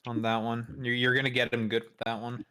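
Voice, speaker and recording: A man's voice: mid-range voice, monotone, brisk, pushed and bright, slight background noise. A man on a livestream, chatting in a sarcastic, jokey way with a lot of swearing. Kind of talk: casual joking chat.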